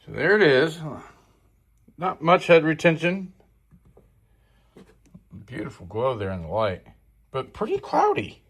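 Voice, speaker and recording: A chatty man casually reviewing homebrew beer, rambling and stopping to correct himself mid-thought. His voice sits fairly high for a man. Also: huge pitch swings, a little slow, long pauses, a bit bright.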